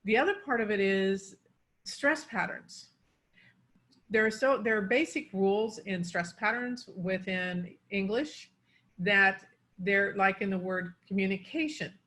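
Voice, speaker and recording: A woman's voice: medium pitch, unhurried, fairly bright tone. A woman coaching pronunciation, explaining word stress and demonstrating it on example words.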